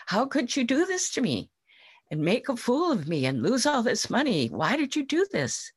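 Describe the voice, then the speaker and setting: A woman voicing an emotional male farmer in a spoken fable, pleading and rising in pitch. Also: fairly even intonation, slow pace, vocal fry, slightly rough, no room sound, studio quality, exaggerated voice. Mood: angry. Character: desperate, remorseful male farmer.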